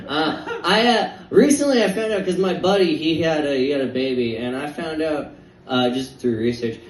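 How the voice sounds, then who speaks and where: A man's voice: on the high side, a little hiss or hum. A young man doing a stand-up set in a comedy club, rambling and stammering in a self-deprecating way. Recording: echoey club, distant mic.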